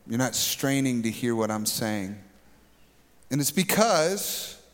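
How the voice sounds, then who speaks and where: A man preaching a sermon as a pastor, retelling a scripture story dramatically and rising to emphatic peaks. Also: a little high. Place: church sanctuary stage. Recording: long reverb of a large hall.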